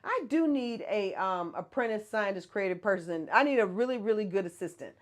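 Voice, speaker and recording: A woman's voice: mid-range voice, animated, a little fast. A woman hosting a casual livestream, chatting and answering viewer comments with frequent laughs. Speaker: host of a hair care brand livestream.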